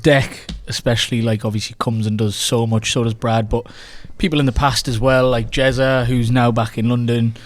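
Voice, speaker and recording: A man's voice: medium pitch, steady tone, normal speed, hardly any pauses. A man co-hosting a club podcast in casual chat, rambling with lots of fillers and restarts. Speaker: podcast co-host. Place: club podcast recording with mates.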